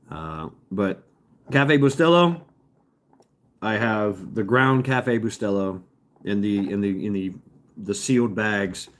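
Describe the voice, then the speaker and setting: A stream host, a man, chats and rambles with live viewers and chuckles often, fireworks popping outside. His voice is on the low side, with slight background noise.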